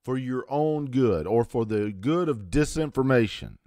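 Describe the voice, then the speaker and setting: A man's voice: medium pitch, animated, unhurried, mellow, no echo, clean studio sound. Blunt, profane man in his fifties ranting. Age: 50s. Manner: sarcastic asides. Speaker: host. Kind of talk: political rant to camera.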